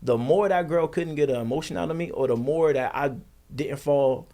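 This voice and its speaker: A man's voice: on the high side, moderate pace, mellow. A middle-aged man in casual podcast talk, telling a personal story earnestly in plain street slang.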